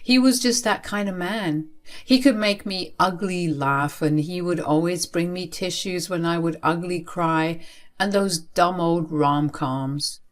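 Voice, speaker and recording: Expressive woman narrating her own story. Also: fairly low pitch, a little slow. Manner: expressive, emphatic. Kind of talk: first-person story narration.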